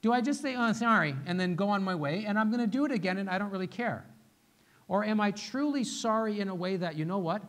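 High-voiced male pastor preaching conversationally. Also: fast. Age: young adult to middle-aged, father of a little one. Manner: conversational preaching, repeats key phrases and asks "right?". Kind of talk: sermon. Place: church sanctuary.

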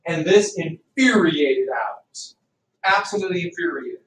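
A man teaching a history class, loud and animated, cracking jokes in a classroom. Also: on the high side, a little slow. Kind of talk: classroom lecture. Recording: echoey classroom from far off.

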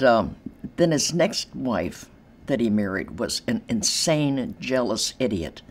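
An older woman telling stories in an interview from her apartment, animated and acting out the voices of others. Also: rumbling low. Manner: animated, acts out quoted voices, laughs easily. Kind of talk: storytelling in an interview. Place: large empty room in her apartment.

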